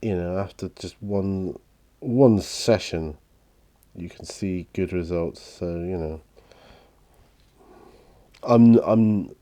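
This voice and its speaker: A middle-aged man chatting casually while painting miniatures, soft-spoken and rambling with many fillers. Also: sits low, takes it slowly, long pauses. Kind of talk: relaxed paint-along chat.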